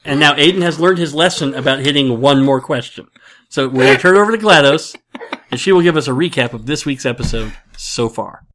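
A man's voice: medium pitch, brisk, fairly bright tone. A man hosting a casual podcast, rambling and self-mocking, with lots of fillers. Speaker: podcast host.

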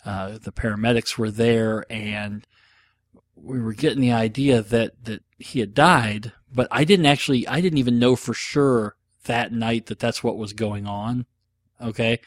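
A man's voice: mid-range voice, steady tone, a little slow, dry recording. Rambling, jokey man with fillers. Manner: rambling, self-deprecating, jokey, with many fillers. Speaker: podcast host answering listener questions. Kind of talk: casual solo talk.

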